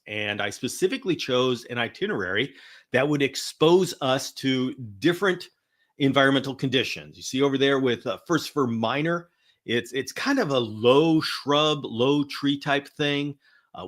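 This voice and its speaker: A man's voice: mid-range voice, a bit bright. A man hosting a live-streamed educational talk, chatty and upbeat, with lots of fillers and restarts. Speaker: host.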